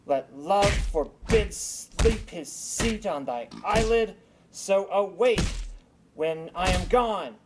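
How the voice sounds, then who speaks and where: A man's voice: sits high, slow pace, background noise. A man playing a mischievous male fairy servant who teases and casts spells in an amateur Shakespeare reading. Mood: incanting. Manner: teasing, then chanting spells.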